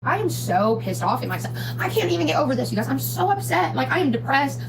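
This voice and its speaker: A woman's voice: sits high, sing-song, quick pace, gravelly, over music. A distraught woman streamer, close to tears, rambles and repeats herself in a tearful confession to her viewers. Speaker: live streamer.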